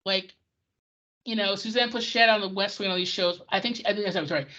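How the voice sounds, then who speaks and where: A podcast co-host in casual chat about old television, ranting in an excitable way. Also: medium pitch, fairly quick. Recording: dull lo-fi recording.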